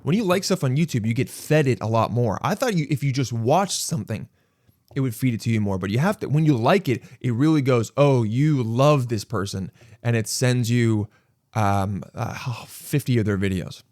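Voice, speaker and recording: A man hosting his own podcast, telling a story in a casual monologue and acting out quoted lines with sudden jumps in pitch. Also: brisk, dry recording, clean studio sound. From Los Angeles. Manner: animated, acts out quotes with sudden high jumps. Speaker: podcast host.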